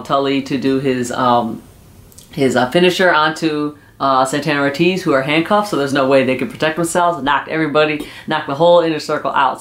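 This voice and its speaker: A man's voice: fairly high pitch, fairly bright tone. A man casually recapping a wrestling episode, rambling with lots of "uh" and "you know.". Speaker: wrestling show reviewer.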